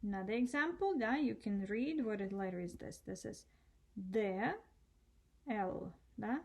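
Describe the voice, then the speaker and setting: A woman's voice: medium pitch, unhurried. A woman teaching cursive letters, spelling them out patiently and checking in with short questions. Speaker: Russian language teacher. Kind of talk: slow step-by-step handwriting lesson.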